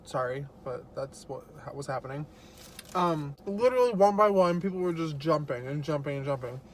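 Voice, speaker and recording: A man's voice: a little high, animated, normal speed, slight background noise. A young man vlogging casually as he eats, telling stories in a chatty way with lots of fillers. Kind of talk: casual mukbang chat.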